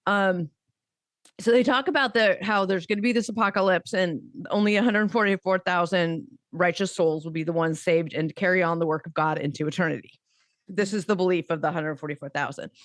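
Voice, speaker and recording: A woman's voice: on the low side, a little fast, dry recording. A woman co-hosting a podcast in casual chat, rambling with frequent restarts and laughs. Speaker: podcast co-host.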